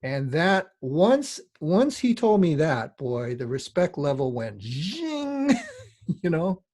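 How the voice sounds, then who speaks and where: A man's voice: on the high side, big pitch swings, takes it slowly, a little mellow, no echo, clean studio sound. A middle-aged man, a design teacher, lecturing in a rambling, conversational way with frequent asides. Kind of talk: lecture with casual storytelling.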